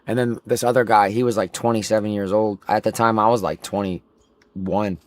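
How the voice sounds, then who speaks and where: A man's voice: fairly low pitch, steady tone, normal speed. A young man livestreaming a game while telling a rambling, profane story full of filler words.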